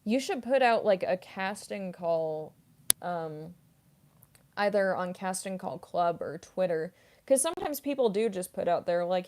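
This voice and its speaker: Her fairly low, slightly mellow voice moves at a measured pace as she answers viewer comments on a casual livestream. She works as a voice actress and streamer, is a classically trained singer, and talks chattily with lots of "like" and "um."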